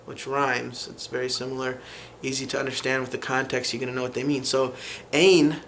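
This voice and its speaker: A man explaining a language lesson in an unhurried way, pausing often with fillers as he works through examples. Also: medium pitch, little pitch movement, creaky, fairly bright tone, slight background noise. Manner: unhurried, many fillers and restarts while explaining. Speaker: language teacher.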